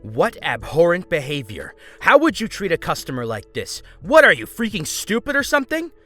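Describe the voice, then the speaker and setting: A man voicing a rude, furious woman shopper with a hoarse smoker's voice who scolds in a shrill tone. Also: wildly swooping pitch, moderate pace, pushed and bright, soft background music, exaggerated voice. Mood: scolding angry.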